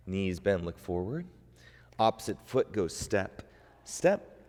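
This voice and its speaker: A man with a lowish voice guides a yoga class, calmly cueing each breath and pose. He speaks very slowly and evenly. His voice carries a long reverb, as if recorded in a large hall. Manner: calm, unhurried cueing of breath and movement. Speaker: yoga instructor.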